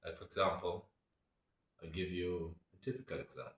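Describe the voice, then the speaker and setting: Low-voiced guy w a rambling thoughtfully, sounds far off in a roomy space. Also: flat delivery, brisk, a bit bright. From Botswana. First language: Setswana. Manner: reflective, meandering. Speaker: cultural commentator. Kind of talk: casual monologue. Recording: echoey room, away from mic.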